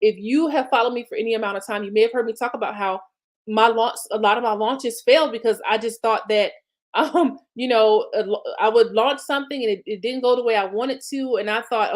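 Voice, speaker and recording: A woman's voice: on the high side, fairly quick. A woman business coach, talking viewers through planning in a chatty, encouraging way. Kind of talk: live-streamed coaching talk.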